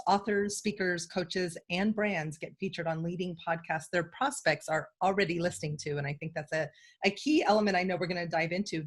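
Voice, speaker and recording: A woman co-hosting a podcast, a little hoarse from a cold, chatting in an enthusiastic, talkative way. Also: on the low side. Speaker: podcast co-host. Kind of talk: casual interview chat.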